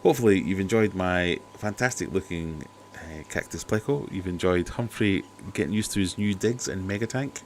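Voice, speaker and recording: Speaking at a moderate pace with hardly any pauses, a low-voiced man keeps his casual aquarium livestream going from home. He's skeptical and chatty with jokey asides, and his cheap desk mic carries a little hiss or hum.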